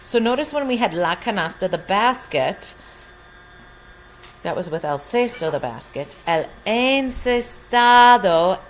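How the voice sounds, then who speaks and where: A woman's voice: on the low side, animated, moderate pace, pauses often, slight background noise. A woman teaching a Spanish lesson from home, patiently explaining each word in English. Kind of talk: recorded language lesson.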